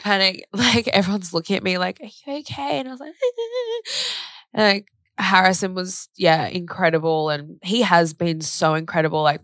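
A woman's voice: low voice, dry recording, clean studio sound. Candid woman telling a story. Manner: candid, animated retelling with frequent "like" and swearing. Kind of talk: casual emotional conversation.

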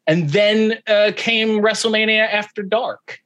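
On a podcast as a guest, a man with a high voice tells a story at a moderate pace, with hardly any pauses. It's casual chat, and he animatedly acts out the other people's voices.

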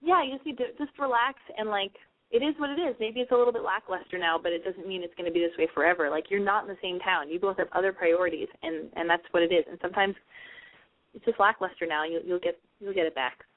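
A woman's voice: fairly low pitch, fast, no room sound. A young woman hosting a call-in advice show, talking bluntly with lots of swearing and rambling asides. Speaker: call-in radio advice host. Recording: phone-line quality, dry.

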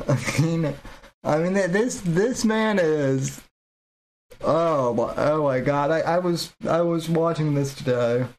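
Guy hosting a podcast, kinda high voice, slow and halting, keeps repeating himself. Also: darkish tone. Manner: halting, repeats words, slow to get going. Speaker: podcast host. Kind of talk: casual commentary on clips.

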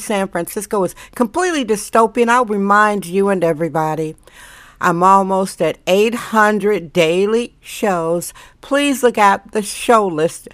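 A woman's voice: mid-range voice, clear, resonant tone, no echo. A middle-aged woman hosting her daily show, talking in a blunt, ranting, casual monologue with sarcastic asides.

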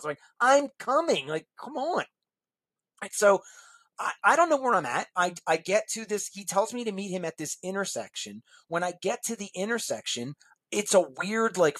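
A man sits as a guest on an interview podcast, telling a rambling personal anecdote. His voice has a husky, slightly breathy edge. He acts out the people in his story as he goes along. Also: high voice. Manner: lively storyteller acting out other people's lines.

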